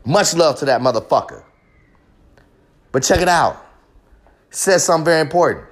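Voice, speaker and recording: A man's voice: fairly high pitch, lively intonation, moderate pace. A man hosting a podcast, delivering a raw, profane, rambling confessional monologue with real passion. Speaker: podcast host.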